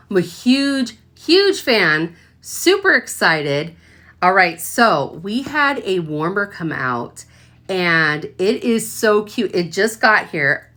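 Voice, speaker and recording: Gushing, unhurried woman unboxing a product. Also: medium pitch, sharp tone. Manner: gushing, bubbly, exclaims often. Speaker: Scentsy consultant unboxing a product. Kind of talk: excited unboxing vlog.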